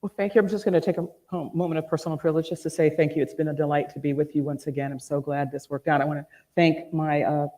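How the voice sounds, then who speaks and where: A man's voice: a little high, fairly even intonation, fast talker, dark tone. A man moderating a live event, giving gracious, chatty thanks and passing on an audience question. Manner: gracious, chatty, with small restarts. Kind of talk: closing remarks and audience question.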